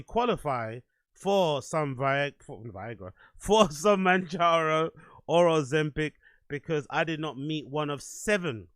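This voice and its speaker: A man's voice: a little high, a bit bright, clean tone, dry recording. A man hosting his own show, rambling playfully and swearing often in a casual solo monologue. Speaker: podcast host.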